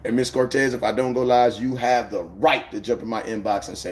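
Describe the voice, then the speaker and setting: A man's voice: mid-range voice, fairly even intonation, normal speed, slight background noise. A man chatting casually on a live stream, rambling in loose slang and greeting viewers by name. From United States.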